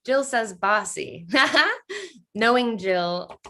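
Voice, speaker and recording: A woman's voice: mid-range voice, animated, extremely slow, a bit bright. A woman leading an online workshop over a video call, playful and upbeat as she reads out answers from the chat. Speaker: workshop leader.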